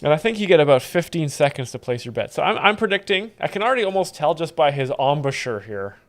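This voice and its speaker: A man live-streaming, commenting on comedy clips with dry, mock-expert deadpan. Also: on the high side, quick pace.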